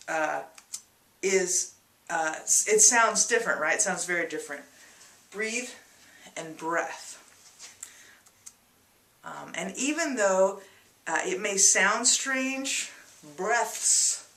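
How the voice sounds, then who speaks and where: A woman teaches English to learners at an unhurried pace, spelling out and repeating key words with patient care. Her voice is bright and clear in tone. She sits back from the mic in a room with a noticeable echo. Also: medium pitch, far from the mic. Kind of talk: slow English lesson for learners. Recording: echoey room, a little off-mic.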